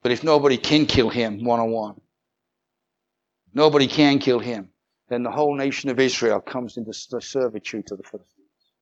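A man preaching a sermon, moving from measured storytelling to fervent, rising proclamation with calls of hallelujah. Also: mid-range voice, muffled recording.

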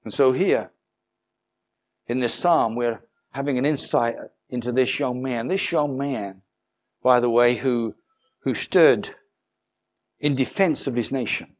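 A man preaching a sermon, moving from measured storytelling to fervent, rising proclamation with calls of hallelujah. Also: medium pitch, highs cut off.

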